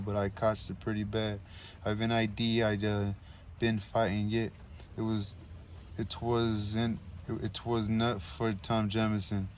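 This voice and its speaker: A man voicing a wounded, rambling male soldier who talks in a slow, rustic, slurred drawl. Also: on the low side, darkish tone, slight background noise, lightly acted.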